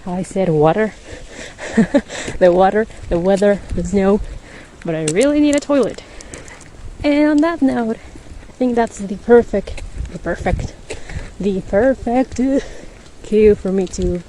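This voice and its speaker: A woman's voice: mid-range voice, slow, long pauses, dark tone, slight background noise, low-quality recording. A woman hosting a podcast, chatting in a rambling casual way while walking outdoors on a snowy street, laughing often and a little winded. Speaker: podcast host.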